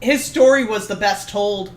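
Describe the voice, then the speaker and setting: A woman co-hosting a podcast, chatting casually about wrestling, excitable and laughing often as she acts out her own reactions. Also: mid-range voice, moderate pace. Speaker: podcast co-host. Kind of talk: casual wrestling review chat.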